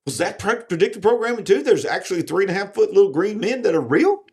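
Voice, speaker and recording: A man's voice: high-pitched, fast. A man co-hosting a casual talk show, joking and bantering with his co-host. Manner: jokey, playful, lively. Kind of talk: casual chat.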